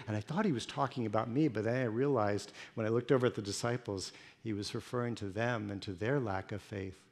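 A male pastor delivering an emotional first-person sermon monologue, moving between hushed storytelling and pleading intensity. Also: mid-range voice, normal speed.

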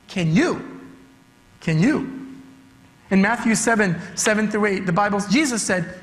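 A man's voice: sits high, animated, a little slow, pauses often, a bit bright. A man preaching a sermon as youth director, emphatic and repeating his key phrases for weight. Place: church sanctuary. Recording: long church hall reverb.

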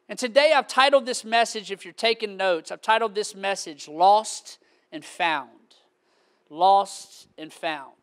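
A man, preaching a sermon as pastor with animated, shouting storytelling. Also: high voice, unhurried.

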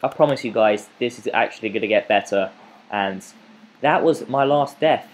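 A young man giving let's play commentary, frustrated, swinging between muttering and yelling at the game. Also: on the low side, moderate pace. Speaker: gamer.

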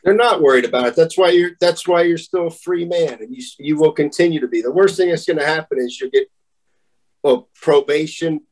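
Man, raised pitch, blunt profane teasing, video call guest. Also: brisk, low-quality recording. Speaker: podcast guest. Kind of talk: casual chat.

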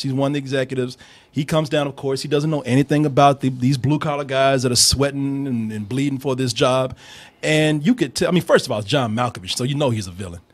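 A man hosting a casual movie review, animated and profane, laughing often and slipping into impressions. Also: mid-range voice.

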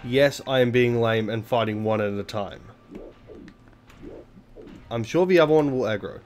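Young Aussie guy, mid-pitched, chatty and self-mocking over gameplay, faint game music underneath. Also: moderate pace, darkish tone. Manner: rambling, self-deprecating, sweary. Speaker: let's play commentator. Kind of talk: casual gameplay commentary.

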